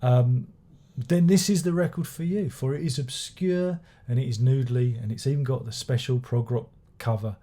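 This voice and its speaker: A man's voice: mid-range voice, normal speed, few pauses, warm tone. Sardonic, sweary man reviewing records. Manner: sardonic, swearing, rambling with restarts. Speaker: music reviewer. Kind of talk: casual spoken album review.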